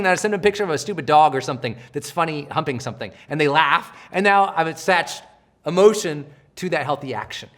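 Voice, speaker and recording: A middle-aged man giving a live coaching session, energetic and animated, often acting out the voices of people he quotes. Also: a little high, racing. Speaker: self-help trainer.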